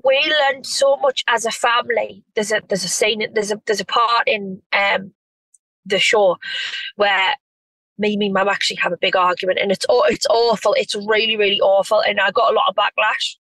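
A woman's voice: mid-range voice, fairly even intonation, moderate pace, a bit bright, no room sound, low-quality recording. A woman, talking in a gushing, effusive way full of restarts. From North East England. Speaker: reality TV star guest. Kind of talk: casual chat.

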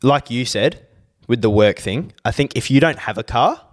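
A man's voice: medium pitch, lively intonation, moderate pace. A young man, co-hosting a podcast, giving blunt, laid-back opinions and swearing often. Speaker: podcast co-host. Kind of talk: casual chat.

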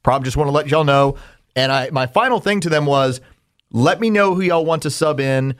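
A man hosting a comedy podcast, reading sponsor spots and recounting events step by step in a steady, methodical way. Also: a little high, normal speed. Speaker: podcast host and radio host. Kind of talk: casual comedic podcast talk.

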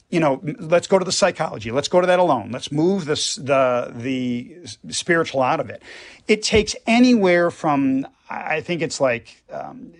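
A man, a priest, talking earnestly on a radio show and explaining with everyday examples. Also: on the high side. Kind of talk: radio conversation.

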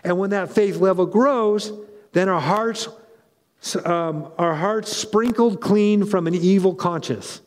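A man preaching a conversational sermon as pastor, animated and chatty with frequent asides and restarts. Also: high-pitched, takes it slowly, in a large hall.

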